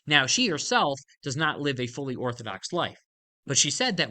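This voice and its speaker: Torah teacher, bright edge to the voice, lively pitch that swings high on the points, emphatic and explanatory. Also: normal speed. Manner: emphatic, animated explaining, casual fillers. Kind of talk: Torah lesson explaining a verse.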